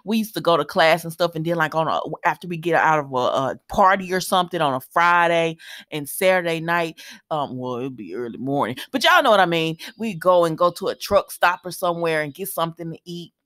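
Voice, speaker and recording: A woman, recapping a soap opera episode in casual, animated chat that talks straight to listeners and laughs often. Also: low-pitched, fairly quick.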